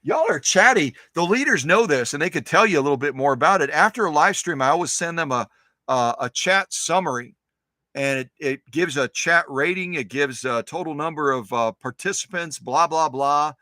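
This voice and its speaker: A man's voice: a little high, lively intonation, moderate pace, sharp tone, dry recording. A man hosting a casual live stream, greeting viewers one by one in a rambling, upbeat way, full of repeats and filler uhs. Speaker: host of a vintage sewing machine live stream.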